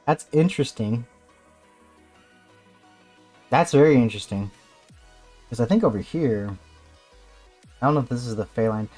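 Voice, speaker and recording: A man streaming live, reacting to a game and swinging into loud mock rants. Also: mid-range voice, expressive, moderate pace, long pauses, soft background music.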